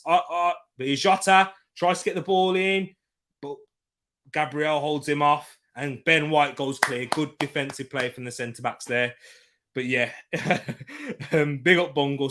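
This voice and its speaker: Young man, bright forceful voice, live football watchalong host who swings from shouting at the ref to relaxed chat with viewers. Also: on the high side. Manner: shouts at referee decisions, then chats calmly with viewers. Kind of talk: live match commentary and chat reading.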